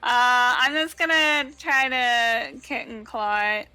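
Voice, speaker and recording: A woman's voice: on the high side, slow pace, sharp tone, smooth, dry recording, soft background music. A woman player talking casually, hesitant and thinking aloud. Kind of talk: casual tabletop play.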